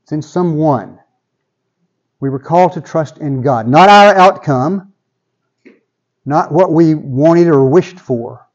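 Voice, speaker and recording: A man's voice: on the high side, slow, pauses often, darkish tone, highs cut off. A man preaching a sermon in a conversational way, often repeating words as he builds toward a point. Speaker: pastor.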